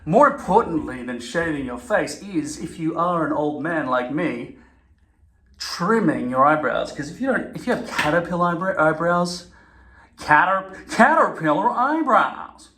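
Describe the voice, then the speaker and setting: A man's voice: on the high side, a little slow, a bit bright, a little hiss or hum. A man talking casually to camera, rambling, swearing and correcting himself mid-sentence. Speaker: vlogger. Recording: echoey room.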